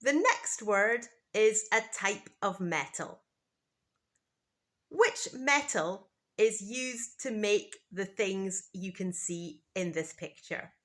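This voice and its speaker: A British woman teaches English pronunciation. She speaks at an unhurried, deliberate pace and says every word with care. Her voice is bright and crisp. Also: mid-range voice, animated. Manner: slow, careful, clearly enunciated. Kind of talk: scripted pronunciation lesson.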